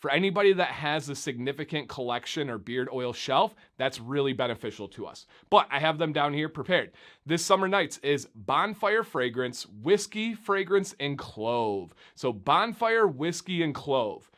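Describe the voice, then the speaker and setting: A young man from Michigan talks straight to camera in a casual beard-oil review vlog. His voice sits a little higher than most men's, and his delivery is chatty and animated. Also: normal speed. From Michigan, USA.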